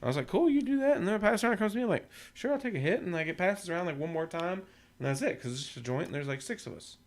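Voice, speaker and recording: Gravelly, profane young man telling a story. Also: fairly high pitch, racing. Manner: profane, animated storyteller acting out quotes. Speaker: podcast co-host. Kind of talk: casual storytelling.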